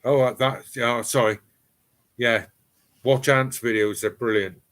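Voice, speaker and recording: A man's voice: mid-range voice, steady tone, unhurried, a bit bright. A middle-aged man with an East Cornish accent hosts a live stream from his home cellar. He chats casually and rambles, reading out viewer comments. His talk is full of ums and restarts.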